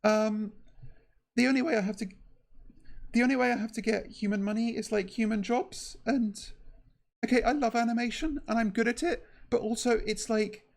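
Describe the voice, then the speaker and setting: A woman chatting casually on a stream, her voice pitched a bit high and slightly shaky. She talks in a halting, nervous way, stopping and restarting often and leaning on fillers. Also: fairly even intonation, creaky, a little mellow. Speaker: VTuber streamer.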